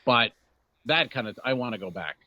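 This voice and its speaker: A man talks in casual banter, his pitch swinging widely as he jokes and swears. The sound is dull and muffled. The room is dry, with no echo. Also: moderate pace. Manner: animated, profane, joking banter. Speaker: comedian. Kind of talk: casual podcast chat.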